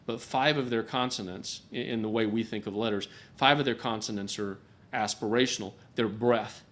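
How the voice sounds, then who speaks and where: A man's voice: fairly low pitch, fairly even intonation, moderate pace, a bit bright. A man teaching a Bible class at a church gathering, talking in a conversational way and often repeating a word as he restarts a thought. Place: gathering hall.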